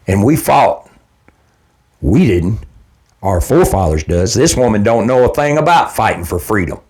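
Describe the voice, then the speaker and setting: A man's voice: lowish voice, very animated, normal speed, darkish tone, breathy edge. A man delivering a heated, blunt, profane political rant straight to his audience, hammering his points by repeating them. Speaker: political commentator. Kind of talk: direct-to-camera political rant.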